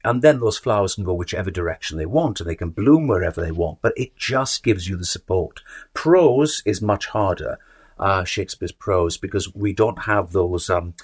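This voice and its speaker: Husky, thoughtful man talking theatre. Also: low-pitched, animated, normal speed, no echo, studio quality. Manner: thoughtful, rambling, frequent restarts. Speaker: guest, actor and author. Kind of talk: conversational interview.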